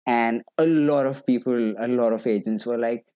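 A man's voice: mid-range voice, steady tone, normal speed, dark tone. A man, an actor, chatting casually and animatedly, laughing often and restarting his sentences. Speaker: actor guest. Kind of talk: casual conversation.

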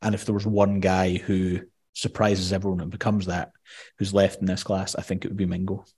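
A Scottish man on a casual sports podcast, with a low voice and a husky edge. He talks in a chatty way and likes to tell stories. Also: level tone, brisk, darkish tone. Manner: chatty, tells anecdotes. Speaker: podcast co-host.

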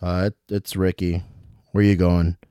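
A man voicing a laid-back young male elf who talks in a slow, hesitant drawl. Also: sits low, little pitch movement, mellow, clean tone, no room sound, clean studio sound.

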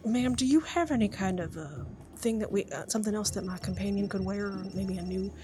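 A woman voicing a shy, flustered man who stammers and apologizes softly in a tabletop game. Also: mid-range voice, brisk, close to an everyday voice. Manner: stammering, apologetic, soft-spoken.

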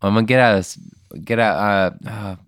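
A man's voice: on the low side, steady tone, fast talker, a bit bright, no echo, clean studio sound. A man playing in an improvised tabletop game, talking hesitantly with lots of stammers and fillers. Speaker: player.

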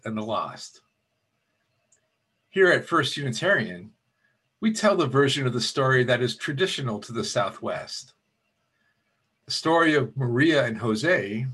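A man's voice: mid-range voice, a bit bright, husky. A man, the minister, telling a Christmas story during a church service and lightly voicing the characters.

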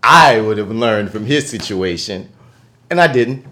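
A man's voice: lowish voice, animated, measured pace, pushed and bright. A young man chatting loosely on a podcast, rambling and full of fillers. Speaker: podcast co-host. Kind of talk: casual chat.

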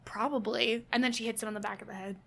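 A woman with a bright, fairly high voice reacts to the episode with sarcasm. She talks in an animated way and acts out characters' lines. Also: fast, creaky. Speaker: podcast co-host. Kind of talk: casual TV recap chat.

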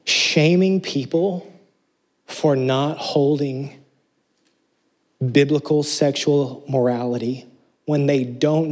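Husky-voiced man preaching earnestly. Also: medium pitch, darkish tone. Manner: earnest, emphatic preaching with rhetorical questions. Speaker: pastor. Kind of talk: sermon.

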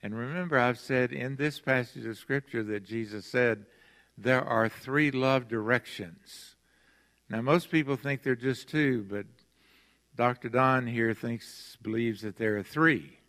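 A man's voice: medium pitch, fairly bright tone. Older man preaching in a reverberant church. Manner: earnest, emphatic, with slow stressed phrases. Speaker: pastor. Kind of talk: sermon. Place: large church sanctuary. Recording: long hall reverb from a church sanctuary.

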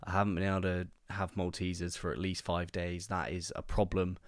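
Podcast host guy, stuffed-up nasal voice from a cold, low pitch, chatty and upbeat, dry close sound. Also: flat delivery, brisk, dry recording. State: congested with a cold. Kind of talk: casual podcast interview.

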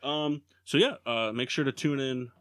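A man's voice: mid-range voice, moderate pace, a bit bright, dry recording. A man hosts a casual sports podcast with friends, steering segments and cracking jokes. His voice sits mid-range and he leans on "uh" and "um" as he goes. The sound is close and dry. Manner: jokey, leads segments with many fillers. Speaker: podcast host.

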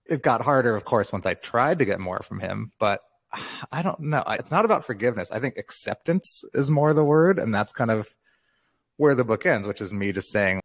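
A man's voice: medium pitch, expressive, normal speed, dry recording. A man in his fifties, a guest author in a casual interview, talking candidly and reflectively and laughing often.

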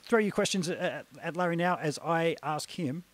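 A man's voice: on the high side, moderate pace, no echo. A man hosting a casual interview, friendly, asking long rambling questions. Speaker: interview host.

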